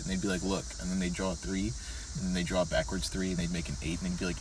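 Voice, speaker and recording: Low-voiced young man, profane and rambling. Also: fast. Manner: profane, rambling, animated storytelling. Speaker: podcast co-host. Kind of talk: casual chat reviewing album songs. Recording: distant mic with faint background noise.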